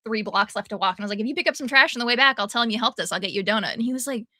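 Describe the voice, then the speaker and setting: A woman co-hosting a casual chat, telling an anecdote in animated bursts and acting out the people she quotes. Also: on the high side, very fast, no room sound. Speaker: podcast co-host.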